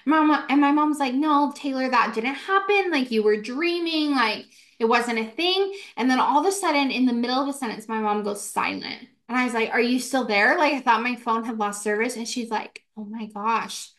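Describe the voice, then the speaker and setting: Chatty young woman telling a ghost story. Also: on the high side. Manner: animated, fast, many "like" fillers, acts out quotes. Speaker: podcast co-host. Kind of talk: casual storytelling.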